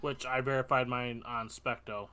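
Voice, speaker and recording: A man making short, low-key remarks in casual chat. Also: level tone, moderate pace, bright, forceful tone, slight background noise.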